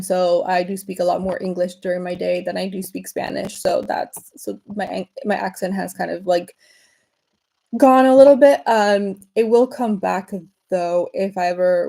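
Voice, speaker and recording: Woman, mellow tone, loose rambling livestream chat full of fillers. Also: medium pitch, gravelly, rough recording. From Venezuela. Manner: rambling, frequent fillers and restarts. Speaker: livestream host.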